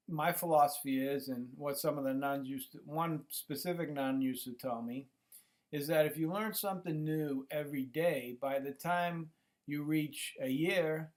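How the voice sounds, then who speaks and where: Middle-aged guy hosting his own channel, voice a bit high, loose rambling monologue full of ums. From United States. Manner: rambling, many fillers and restarts. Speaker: YouTube channel host. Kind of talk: casual monologue to camera. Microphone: computer microphone.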